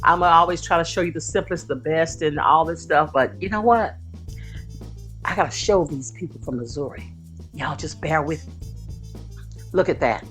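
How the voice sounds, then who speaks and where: A woman's voice: sits low, fairly quick, faint music behind. A woman hosting her own cooking video from her home kitchen, talking to viewers with folksy, exclaiming enthusiasm. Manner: warm folksy enthusiasm, exclaiming over the food. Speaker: cooking channel host. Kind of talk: casual cooking video chat.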